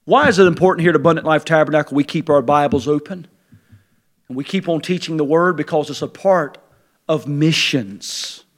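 A male pastor preaching a sermon in a church sanctuary, swinging between hushed, intimate passages and fervent shouted climaxes. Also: on the high side, a little fast.

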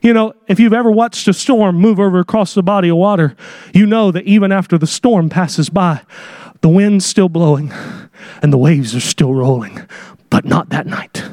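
A man preaching a sermon, swinging between shouted high peaks and hushed whispers. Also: moderate pace, no echo, studio quality.

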